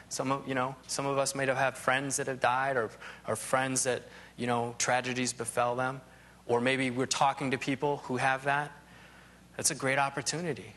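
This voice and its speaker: A man's voice: medium pitch, flat delivery, normal speed, a bit bright, a little hiss or hum. Rambling, conversational male Bible teacher. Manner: rambling, full of "you know" asides and restarts.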